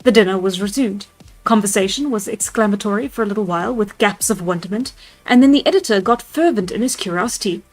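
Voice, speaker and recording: This streamer's live novel read-aloud moves at a quick pace in a medium-pitched woman's voice. She's reading a classic, chuckling in asides at her own voice choices, while soft music plays underneath.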